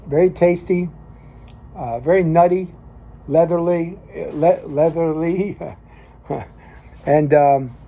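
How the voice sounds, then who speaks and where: A man's voice: on the high side, slow, pauses often, dark tone. An older man from New Jersey with a Northern New Jersey accent, hosting a cigar show and telling a story in a rambling, folksy way with many fillers. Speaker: cigar show host and lay minister. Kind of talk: casual storytelling monologue.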